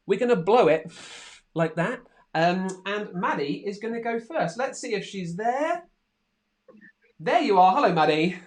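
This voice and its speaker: A man's voice: sits high, measured pace. A man co-hosting a children's craft and games show, giving cheerful, encouraging commentary. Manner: lively, encouraging, excitable commentary. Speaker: co-host. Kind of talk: playful kids' craft show chat.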